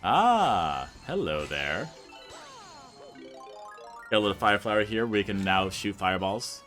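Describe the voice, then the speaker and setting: A man's voice: on the low side, sing-song, a little slow, a bit bright. A young man casually commenting on his own gameplay as a let's play host, rambling and stuffing his sentences with "like". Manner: rambling, fills every sentence with "like". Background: faint game music.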